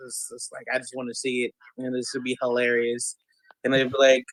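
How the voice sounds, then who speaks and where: A man in casual podcast chat, rambling and joking, who breaks into loud mocking voices when he imitates fans. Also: mid-range voice, completely flat delivery, brisk, a little hiss or hum, poor audio. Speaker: podcast guest.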